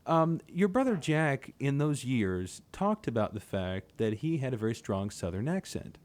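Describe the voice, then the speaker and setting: A man conducts an oral history interview, posing long questions that wind through context before getting to the point. He sometimes restarts a phrase partway through. His voice sits at a middle pitch. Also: very animated, moderate pace, a little mellow.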